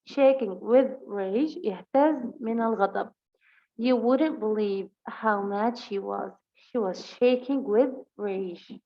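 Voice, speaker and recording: A woman with a Levantine Arabic accent who speaks Arabic natively, teaching English vocabulary. She reads example sentences slowly and explains them quickly. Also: on the high side, muffled recording. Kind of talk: bilingual vocabulary lesson.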